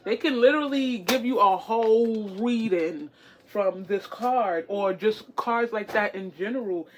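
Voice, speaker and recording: A woman chats to her camera as a tarot reader, her voice sitting at a middling pitch. She talks in an encouraging, rambling way, repeating herself and leaning on fillers. A faint hiss runs underneath. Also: measured pace. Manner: encouraging, repetitive, chatty with many fillers. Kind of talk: casual chat to camera.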